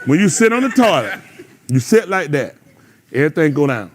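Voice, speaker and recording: A man leads a Bible class in a loose, joking way, teasing his listeners and laughing between points. His voice sits a little high for a man. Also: sing-song, fairly quick, a little hiss or hum. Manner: banters loosely with the congregation, laughs often. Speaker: teacher leading a Bible study.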